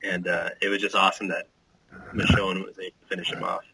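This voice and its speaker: A man with a very deep yet strikingly sharp, husky voice, recapping a show in a loose, filler-filled chat. It sounds dry and close to the mic. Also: level tone, fast, dry recording, poor audio. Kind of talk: casual TV chat.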